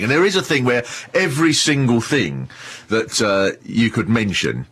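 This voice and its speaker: A man's voice: mid-range voice, expressive, moderate pace, a bit bright, slight background noise. A man in casual radio chat, telling long, rambling anecdotes with lots of laughing.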